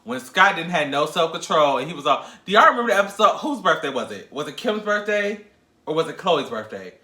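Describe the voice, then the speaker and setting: A man's voice: a little high, fairly quick. Sassy gossiping man in an echoey room. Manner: sassy, gossipy, animated, laughs often. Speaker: podcast host. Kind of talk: casual pop-culture commentary.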